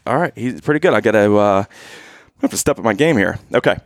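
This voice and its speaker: Gravelly-voiced man cracking dad jokes. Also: on the low side, lively intonation, brisk, no room sound, clean studio sound. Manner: laughs at his own jokes, playful. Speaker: joke-telling husband. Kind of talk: casual dad-joke storytelling.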